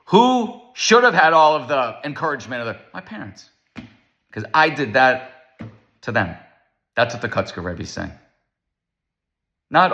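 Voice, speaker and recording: A man giving a casual Torah lecture, animated and storytelling, acting out the voices of the people in his stories. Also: a little high, measured pace.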